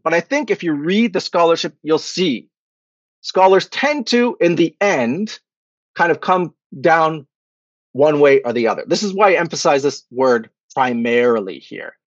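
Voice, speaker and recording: A man's voice: a little high, expressive, unhurried, no echo. Lecturing man, "okay?" after each point. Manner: frequent "okay?" and "right?" check-ins. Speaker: guest lecturer. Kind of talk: academic lecture. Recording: dry, dull lo-fi call audio.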